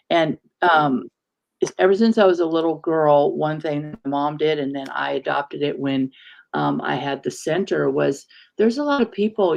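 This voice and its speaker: A woman guest, a reverend and singer, speaking reflectively and from the heart, with many small pauses. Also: sits low, gravelly, a little mellow. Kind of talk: casual conversation.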